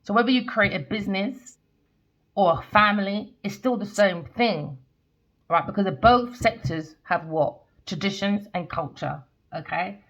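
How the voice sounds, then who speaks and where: A woman's voice: medium pitch, unhurried. A woman giving a casual tarot reading to camera, chatty and tagging her lines with "okay?" and "all right?". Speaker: tarot reader. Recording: dull lo-fi sound.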